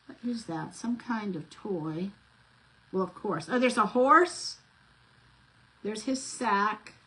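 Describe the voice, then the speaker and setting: A woman's voice: medium pitch, expressive, slow, sharp tone, husky, rough recording. A middle-aged woman, chatting and rambling through stories while she works on a craft vlog, full of fillers and restarts. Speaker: craft vlogger.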